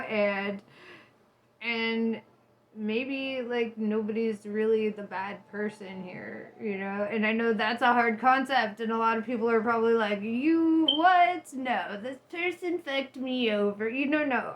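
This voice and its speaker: Young woman w a kinda high voice just rambling to her viewers, lots of likes and laughs, swears a bunch. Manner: rambling, full of fillers and bursts of laughter; profane, animated, talks to viewers as guys. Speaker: spiritual vlogger. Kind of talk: casual rambling monologue to viewers.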